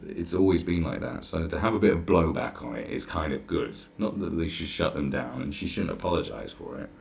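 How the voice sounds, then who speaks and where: A man's voice: low-pitched, a little fast, vocal fry, a little mellow. A man ranting sarcastically through a reaction commentary, exasperated and swearing freely. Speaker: commentary vlogger.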